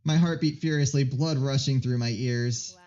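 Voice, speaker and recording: A man's voice: mid-range voice, fairly even intonation, normal speed, darkish tone, highs cut off. A man reading a visual novel's narration aloud for a let's play, with wry joking asides.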